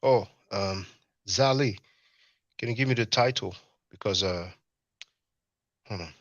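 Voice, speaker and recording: A man hosting a livestream, commenting casually and talking in a halting way with many fillers and restarts. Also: lowish voice, no room sound, dull audio. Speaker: livestream host.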